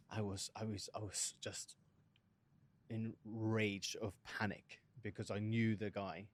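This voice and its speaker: A man hosting a casual podcast interview, a chef reacting with quick interjections and telling his own stories. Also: on the low side, little pitch movement. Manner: reactive, brief interjections, tells own anecdotes.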